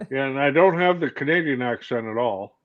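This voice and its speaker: A man's voice: mid-range voice, a little fast. Midwestern man on a muffled mic. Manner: reads out viewer comments, relaxed and joking. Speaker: livestream co-host. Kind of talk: casual livestream chat.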